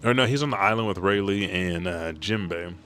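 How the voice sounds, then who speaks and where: A man's voice: low voice, fairly quick, fairly bright tone. A man casually reading a comic aloud with offhand, profane commentary. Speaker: manga reader and commentator.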